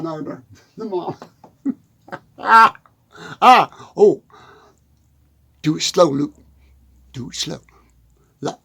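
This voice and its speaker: Husky giggly man rambling. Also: sits high, fairly bright tone. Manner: giggly, laughs through his words, stumbles over words. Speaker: country comedian. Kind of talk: rambling comic monologue. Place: hot dusty shed.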